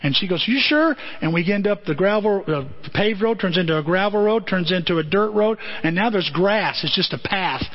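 A middle-aged male pastor telling a story in a sermon, animated and conversational, with comic asides. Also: high-pitched, brisk, few pauses. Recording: dull lo-fi audio.

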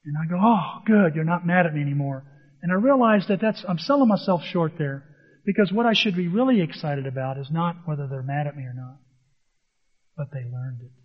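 A male pastor preaching a sermon, telling stories in an animated way and acting out the dialogue. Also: a little high, brisk. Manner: animated storytelling, acts out dialogue. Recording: dull, long reverb in a hall.

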